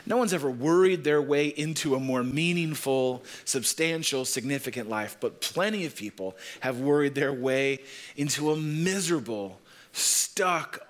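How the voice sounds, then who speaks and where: A man preaching a sermon, telling stories and repeating phrases slowly for emphasis. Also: medium pitch. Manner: storytelling preacher, leans on repetition and slows down for emphasis. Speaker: pastor.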